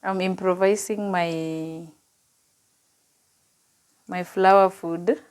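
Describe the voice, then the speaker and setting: A woman's voice: fairly low pitch, steady tone, very slow, smooth, low-quality recording. Earnest woman vlogger. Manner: heartfelt and earnest, with soft, hushed stretches; chatty and upbeat, speaks to viewers directly. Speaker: vlogger and nutrition coach. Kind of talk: personal vlog talk to camera.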